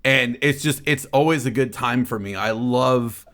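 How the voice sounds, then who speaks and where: A man's voice: medium pitch, a little slow, a bit bright. A young man chatting casually as a podcast co-host, rambling with lots of fillers and frequent laughter. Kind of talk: casual chat.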